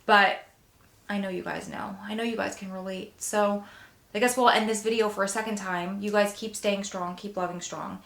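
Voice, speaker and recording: A woman's voice: medium pitch, fairly even intonation, moderate pace, vocal fry, a bit bright. A young woman talking earnestly to her viewers in a casual vlog, emotional and close to tears. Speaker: vlogger. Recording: roomy echo.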